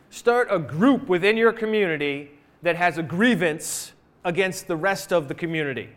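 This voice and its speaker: A male pastor preaching a sermon in a church, conversational, with rhetorical questions and asides to the congregation. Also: high-pitched. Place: church sanctuary.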